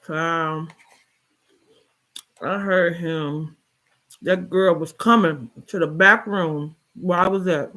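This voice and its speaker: A woman reading a short story aloud, then telling a personal story in a chatty, expressive way with colloquial asides. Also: fairly low pitch, takes it slowly, pauses often.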